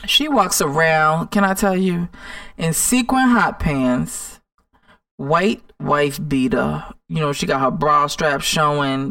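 A woman's voice: deep voice, a bit bright, no room sound, recorded from a distance. A woman hosting a motivational podcast in a sassy, emphatic way, repeating words for stress. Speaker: podcast host and life coach. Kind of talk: casual motivational monologue.

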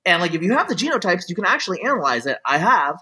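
A man's voice: high-pitched, very animated, rapid-fire, sharp tone, breathy edge, low-quality recording. A middle-aged man in casual conversation, explaining his views at length in looping sentences full of fillers and restarts. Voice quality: talks in looping restarts with many "like" and "you know" fillers. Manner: explanatory, opinionated.

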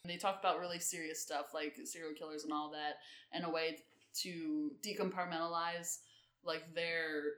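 Woman podcast co-host, rambling casual chat, lower pitch, echoey room. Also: level tone, moderate pace, fairly bright tone. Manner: rambling with many ums and restarts.

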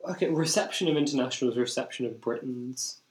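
A man's voice: medium pitch, fast talker. Rambling man in an echoey room. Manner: rambling, self-correcting, repeats phrases. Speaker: podcast co-host. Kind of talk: casual chat.

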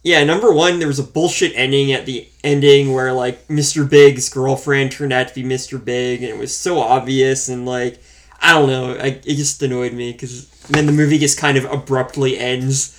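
A man co-hosting a casual movie review chat, relaxed and wry as he counts off his points. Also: medium pitch, moderate pace. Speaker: podcast co-host reviewing a film.

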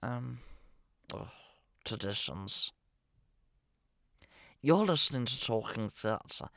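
A man's voice: medium pitch, fairly bright tone, no room sound. A man hosting a comedy podcast, giving a scripted monologue in a dry, mock-serious voice with asides. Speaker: podcast host.

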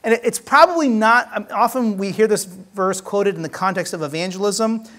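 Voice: medium pitch, normal speed, fairly bright tone. Earnest preacher exhorting a congregation. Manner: earnest, exhorting, with frequent "right?" asides. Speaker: pastor. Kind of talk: sermon. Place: church service.

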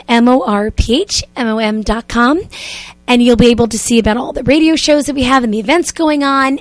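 A woman hosts a radio interview in a high, lively voice, effusive and eager. Her sound is close and dry, with no room around it. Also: no room sound. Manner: enthusiastic and effusive. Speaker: radio show host.

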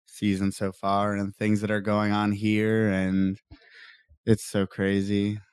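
A young man chats loosely on a podcast, rambling and doubling back on himself. His voice sits low and sounds smooth and resonant. The recording is dry and close, with no room sound. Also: completely flat delivery, takes it slowly, a little mellow, dry recording. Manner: rambling, laid-back, self-correcting. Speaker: podcast co-host and snake breeder. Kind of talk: casual podcast chat.

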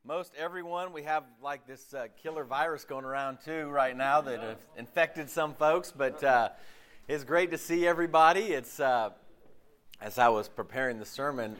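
A male pastor giving a casual sermon, his voice hoarse and deeper than usual from a lost voice, rambling with many fillers and restarts before a congregation. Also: fairly bright tone. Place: church service before a congregation.

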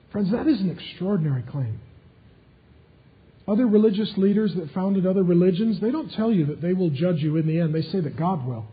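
A man preaching a sermon as pastor, emphatic and rising to loud, intense climaxes. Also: high-pitched, animated, a little fast, phone-quality sound.

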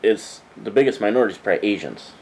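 Guy with a lively voice, laughing a lot, crude podcast banter. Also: on the low side, racing. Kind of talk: casual chat.

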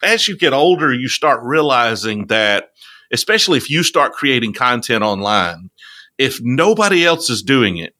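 A middle-aged man with a slow Southern drawl, hosting a relaxed, folksy chat. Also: mid-range voice, dry recording. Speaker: podcast host. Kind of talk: casual conversation.

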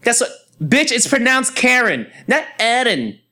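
A man's voice: high-pitched, fairly quick, sharp tone, voice pushed up. A man putting on the voice of an impatient young woman customer who scolds and talks down to the listener. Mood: scolding. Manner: scolding, condescending.

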